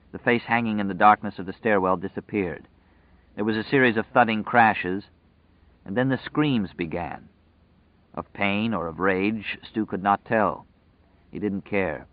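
A man reading a story aloud in a measured, dramatic way, heard through a tinny, dry recording. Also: on the low side, no echo. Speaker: narrator. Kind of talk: audiobook narration. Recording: tinny, phone-like dry sound.

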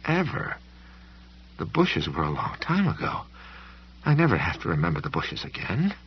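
A man voicing the fearful inner voice of a haunted man, hushed and breathy. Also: huge pitch swings, moderate pace, muffled recording, exaggerated voice. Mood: hushed dread. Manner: hushed, breathy, rising to a high whisper.

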